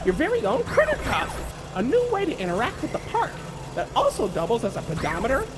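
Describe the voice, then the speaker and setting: A man's voice: very high voice, wildly swooping pitch, brisk, over loud music, heavily acted. A man voicing a cheerful cartoon raccoon mascot who guides visitors through a theme park in an upbeat, salesy patter. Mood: cheery. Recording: echoey reverberant game audio.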